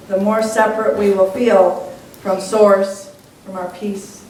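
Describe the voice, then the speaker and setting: A woman minister delivers a sermon in a church sanctuary, teaching in an earnest, reflective way. Her tone is steady and a little mellow, unhurried, with hardly any pauses. The recording is from a distant mic in an echoey church hall, with a faint rumble.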